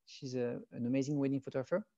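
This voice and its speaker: A man's voice: mid-range voice, flat delivery, racing, mellow, dry recording. A man, chatting in an interview and telling stories with many restarts. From France. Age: 40s. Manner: rambling storyteller with frequent restarts, enthusiastic. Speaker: wedding photographer, guest. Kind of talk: casual interview chat. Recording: dull lo-fi audio.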